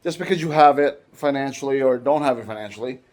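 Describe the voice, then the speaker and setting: A man's voice: mid-range voice, fast, darkish tone. A man who grew up in the United States, talking casually as he walks through a scooter repair, rambling and correcting himself as he works. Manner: rambling, chatty, self-correcting. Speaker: DIY vlogger. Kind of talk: casual how-to vlog. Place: garage or yard, working on a scooter.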